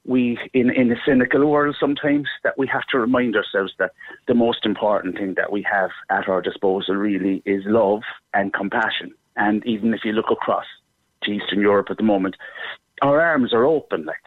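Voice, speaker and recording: A middle-aged Irish man, a theatre performer, talking warmly and effusively in a radio interview, rambling with restarts. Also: fairly low pitch, fairly quick, no room sound. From Ireland. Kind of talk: casual interview chat. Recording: dry phone-like line.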